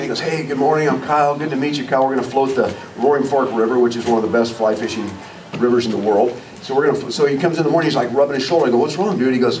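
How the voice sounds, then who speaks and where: A man giving a live leadership training talk, telling personal stories and asking the audience questions. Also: on the high side. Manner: storytelling, asks audience questions. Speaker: motivational speaker. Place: meeting room with audience. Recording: distant mic in a room, faint noise.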